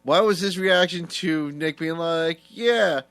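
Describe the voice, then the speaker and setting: A man's voice: fairly high pitch, steady tone, unhurried, fairly bright tone, smooth, no room sound. A man on a podcast, questioning a plot point and arguing his case. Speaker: podcast co-host. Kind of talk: casual chat.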